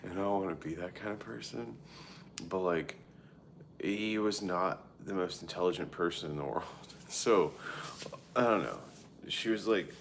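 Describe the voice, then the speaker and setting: Deep gravelly man in his thirties. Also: normal speed, fairly bright tone, a little hiss or hum. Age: 30s. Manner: candid, profane and rambling; frequent filler "like" and self-interrupting. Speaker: live streamer. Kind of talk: casual chat answering viewers.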